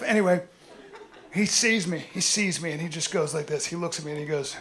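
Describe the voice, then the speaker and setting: A middle-aged man performing a swaggering stand-up comedy set on stage, often shouting his punchlines. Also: fairly high pitch, a little fast. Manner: loud, swaggering, punchy delivery with frequent shouting. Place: stage before a live audience. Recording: live show with audible audience noise.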